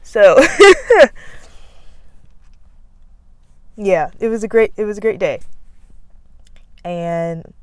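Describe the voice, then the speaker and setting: A young woman hosting a podcast chats casually outdoors beside a road, laughing, veering off on tangents, and losing her words. Her medium-pitched voice is a little mellow and clean in tone, unhurried with long pauses and no echo.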